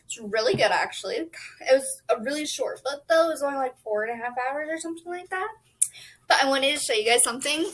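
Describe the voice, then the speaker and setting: Young woman, bright, high voice, bubbly casual vlog chatter. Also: quick pace, low-quality recording. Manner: bubbly, excitable, lots of "like" and "um". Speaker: book vlogger. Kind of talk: casual chat to camera.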